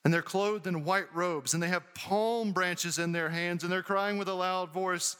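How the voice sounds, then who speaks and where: A man's voice: sits high, fairly even intonation, moderate pace, few pauses, fairly bright tone, clean tone. A man preaching an earnest sermon as a pastor, reading scripture and explaining it to his congregation. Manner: earnest, preaching with rising emphasis. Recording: long hall reverb.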